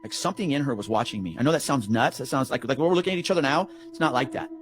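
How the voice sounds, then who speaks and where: A man telling a story in a rambling, profane, animated way on a casual podcast. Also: mid-range voice, very fast, a little hiss or hum. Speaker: storyteller recounting a work call.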